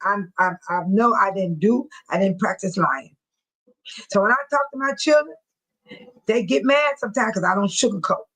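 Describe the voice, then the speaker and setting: A woman's voice: mid-range voice, moderate pace, fairly bright tone, breathy edge, poor audio. A woman in her sixties hosting a livestream in casual chat, talking bluntly and telling stories with frequent laughs. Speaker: livestream host speaking to viewers.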